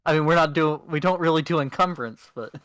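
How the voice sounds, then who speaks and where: A man's voice: on the high side, brisk, a bit bright, no echo. Guy running a tabletop game, laid back, kinda pokes fun at himself, dry mic. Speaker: game master. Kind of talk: narrating a tabletop game over voice chat.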